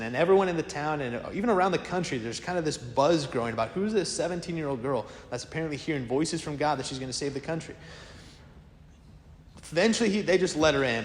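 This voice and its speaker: A man preaching a sermon as a priest, telling stories in a lively, conversational way. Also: fairly high pitch. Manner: lively storytelling, acts out quoted voices; casual, conversational preaching to a congregation. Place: church. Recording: echoey church with long reverb.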